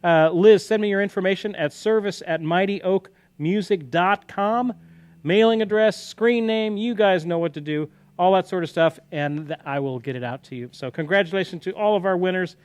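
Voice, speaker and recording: A man's voice: sits high, moderate pace, a little mellow, clean tone. A man hosting a casual live-stream guitar lesson, talking loosely and counting beats aloud while he plays. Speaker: guitar teacher and livestream host. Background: guitar playing.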